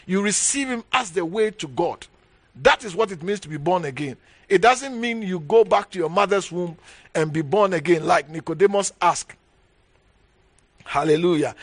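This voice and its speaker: Man preaching a sermon, fairly high voice, dry close sound, keeps repeating his points. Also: dry recording. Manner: emphatic, repeats key phrases, frequent hallelujahs. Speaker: bishop preaching.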